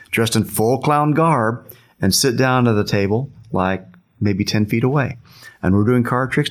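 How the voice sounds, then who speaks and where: A man casually telling a long anecdote, laughing often, repeating himself, and acting out what people said. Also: mid-range voice.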